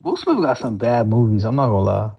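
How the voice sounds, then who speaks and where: A man's voice: medium pitch, big pitch swings, a little fast, gravelly, slightly rough, dull audio. A young man co-hosting a podcast in casual chat, laid-back and making short, wry remarks. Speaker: podcast co-host.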